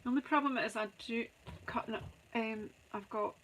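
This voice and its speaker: A woman's voice: on the high side, normal speed, fairly bright tone, a little hiss or hum, low-quality recording. A Scottish woman hosting a live crafting stream, chatting and joking with viewers as she works and greeting them by name. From Scotland. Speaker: craft channel host.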